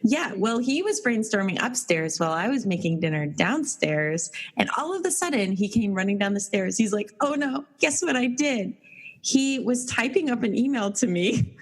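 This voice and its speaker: A woman's voice: medium pitch, expressive, normal speed, breathy edge, poor audio. A woman hosting a podcast, teasing and laughing often in casual interview chat. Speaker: podcast host.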